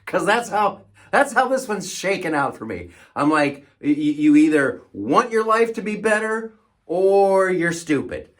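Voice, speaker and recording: A man's voice: high-pitched, very animated, unhurried. A male comedian host delivering a sarcastic comedic monologue, often stammering and repeating words.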